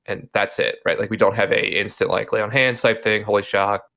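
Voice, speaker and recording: A man's voice: on the low side, fairly even intonation, brisk, creaky, sharp tone. A man in casual chat, rambling along with many fillers and hedges.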